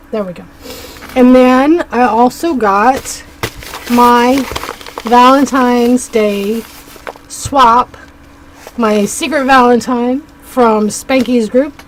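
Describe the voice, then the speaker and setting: A woman's voice: fairly high pitch, slight background noise, poor audio. A woman vlogger chatting casually and gushing as she opens craft mail at home. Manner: chatty and effusive, quick to gush. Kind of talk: casual chat while unboxing mail.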